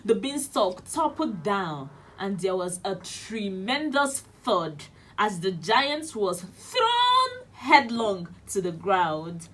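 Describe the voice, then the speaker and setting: Slow Nigerian woman reading a fairy tale. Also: mid-range voice. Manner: slow, expressive storytelling. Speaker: children's radio host. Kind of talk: storybook reading aloud. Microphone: studio radio mic.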